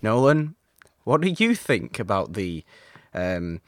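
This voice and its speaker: A man's voice: on the low side, big pitch swings, slow pace, no room sound. A man co-hosting a casual podcast, teasing the others in a dry, playful way. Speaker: podcast co-host. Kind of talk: casual film discussion.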